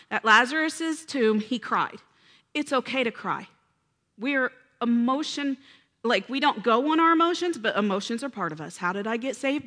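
Woman preacher, bright ringing voice pitched a little high, earnest and emotional, asks the congregation for answers. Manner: earnest, emotional, addresses congregation with call-and-response. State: close to tears. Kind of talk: sermon.

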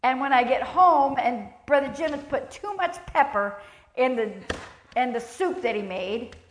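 A woman preaching a sermon in a church, emphatic and lively, acting out the voices of the people she quotes. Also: high-pitched, a little slow, slight background noise. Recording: echoey church hall.

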